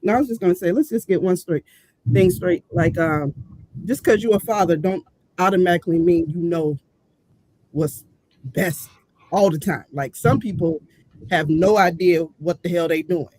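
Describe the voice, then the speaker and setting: A woman's voice: on the low side, normal speed, mellow. A woman co-hosting a casual panel debate, blunt and outspoken. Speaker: co-host.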